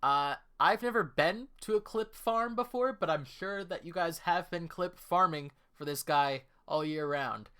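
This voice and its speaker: A guest presenter reading out award nominees in a relaxed, joking way. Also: mid-range voice, unhurried, few pauses, smooth.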